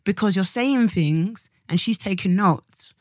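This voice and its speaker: A woman's voice: medium pitch, a little slow, a little mellow, no echo, clean studio sound. A woman, co-hosting a podcast in casual, slangy chat that trails off and restarts. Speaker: podcast co-host.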